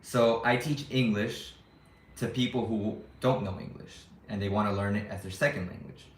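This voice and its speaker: A man who teaches English chats loosely on a livestream. His voice sits slightly low and he spells out his words clearly, now and then speeding up. The room around him rings with echo. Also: fairly even intonation. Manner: clearly enunciated, chatty, with bursts of fast talk. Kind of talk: casual livestream chat.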